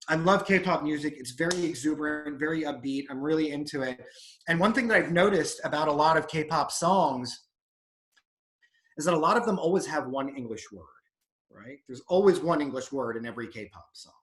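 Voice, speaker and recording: A man's voice: a little high, a bit bright. A man doing a stand-up comedy set over a video call, with a casual, rambling, self-mocking delivery.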